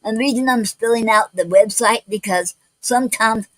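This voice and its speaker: A woman hosting a poetry livestream, talking in a halting way with many restarts, spelling out words letter by letter, some words not coming out clearly. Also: a little high, no echo, poor audio. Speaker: poetry show host. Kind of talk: casual livestream talk. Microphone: home livestream mic.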